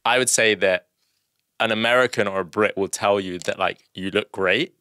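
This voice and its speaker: A man's voice: fairly low pitch, moderate pace, sharp tone, clean tone, no room sound, studio quality. A young British man, a comedian guest, chatting playfully on a podcast with lots of fillers and restarts. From United Kingdom. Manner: playful, rambling with many fillers. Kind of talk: casual podcast chat.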